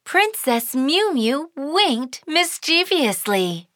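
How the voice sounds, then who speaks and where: A woman's voice: high-pitched, very animated, extremely slow, fairly bright tone, no room sound, studio quality. Sing-song woman narrating a kids' cartoon. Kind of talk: scripted children's story narration.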